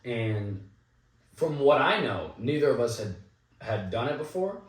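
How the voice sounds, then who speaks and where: A man's voice: medium pitch, a little slow, far from the mic. A young man, an actor guest in an interview, telling anecdotes casually and animatedly, acting out the people in his stories. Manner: animated anecdotal storytelling with quoted asides. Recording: echoey room, a bit off mic.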